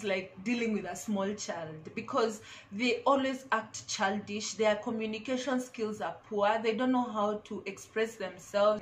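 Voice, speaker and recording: A woman's voice: mid-range voice, a little hiss or hum. A woman vlogger giving casual, emphatic advice to camera, repeating her key phrases.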